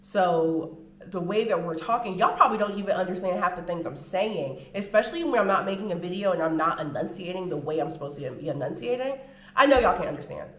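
Chatty American woman in an echoey room. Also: on the low side. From United States. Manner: chatty, animated, drawn-out filler words. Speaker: vlogger. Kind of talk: casual chat to camera. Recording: roomy home room echo.

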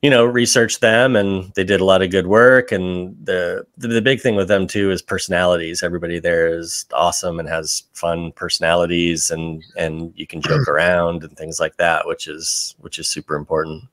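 A man's voice: low voice, flat delivery, moderate pace, hardly any pauses, a bit bright, dry recording, clean studio sound. A man talking as a podcast guest in casual chat, easygoing and hesitant, with many fillers. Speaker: podcast guest, video editor.

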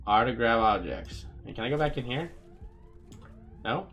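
A man's voice: medium pitch, expressive, moderate pace, a bit bright, muffled recording, slight background noise. A man hosting a casual let's-play, joking and talking to the characters on screen as he plays. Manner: playful, jokey, talks to game characters. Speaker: gaming video host.

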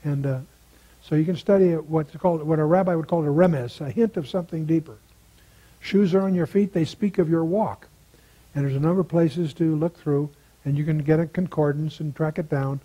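A man's voice: on the high side, steady tone, brisk, husky, highs cut off. An older man teaching through a Bible passage verse by verse, conversational and asking his listeners rhetorical questions.

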